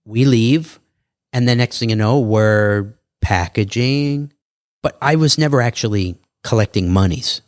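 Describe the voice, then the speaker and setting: A man's voice: medium pitch, no echo, clean studio sound. Man telling stories in a casual interview. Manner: animated, acts out other people's lines. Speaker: podcast guest.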